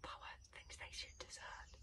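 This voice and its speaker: A woman with a British accent voicing an anxious young Viking boy hero, speaking in a hushed, worried whisper. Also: normal speed. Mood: alarmed.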